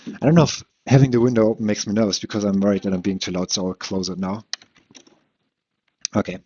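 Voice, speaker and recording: A young man talks alone into a home mic, rambling, cursing and tripping over restarts, with a slight lisp that slurs his words. His voice sits low and a bit husky. The recording is dry and dull, like a cheap setup in a small room. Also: fairly even intonation, quick pace, warm tone, dry recording. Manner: rambling, profane, self-deprecating, lots of fillers and restarts. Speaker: podcast host. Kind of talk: solo rambling podcast.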